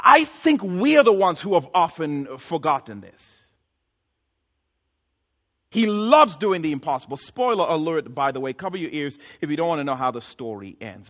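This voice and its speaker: A man preaching a sermon as pastor, animated and joking, with sudden loud outbursts. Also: fairly high pitch.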